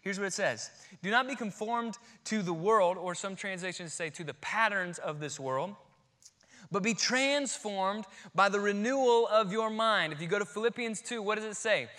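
A male pastor in his thirties preaches with a high, bright voice. He swings between hushed, deliberate emphasis and loud, rising passages, drawing out key phrases slowly. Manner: dynamic preaching, swinging between quiet emphasis and near-shouting. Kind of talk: sermon.

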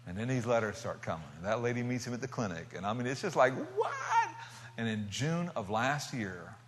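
A man preaching a sermon, telling stories with animation and swinging from loud bursts to hushed tones. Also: lowish voice, a little hiss or hum. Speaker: pastor. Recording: long reverb of a church hall.

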